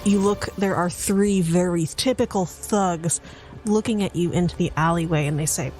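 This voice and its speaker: A woman game master narrates a tabletop fantasy game in a relaxed, descriptive way. Her voice sits slightly low. Music plays clearly in the background. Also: moderate pace. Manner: descriptive, casual.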